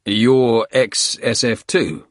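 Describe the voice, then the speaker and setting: A man voicing a guarded British special forces sergeant, terse and measured. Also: mid-range voice, fairly even intonation, no echo, clean studio sound.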